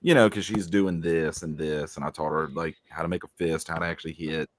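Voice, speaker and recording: A man's voice: very deep voice, fairly even intonation, fairly quick, no echo. A man chatting casually on a podcast in a laid-back, confessional way. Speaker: podcast guest. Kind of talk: casual chat.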